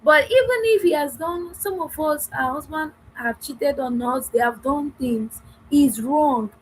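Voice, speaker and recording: A woman's voice: high voice, unhurried, a little hiss or hum, rough recording. A woman giving an earnest talk to wives about communicating in marriage, acting out small dialogues and repeating phrases. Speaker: marriage coach.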